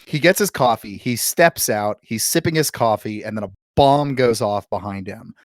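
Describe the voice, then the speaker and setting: A man's voice: fairly low pitch, moderate pace, no echo, clean studio sound. A man guest in a casual podcast film discussion, enthusiastically walking through scenes.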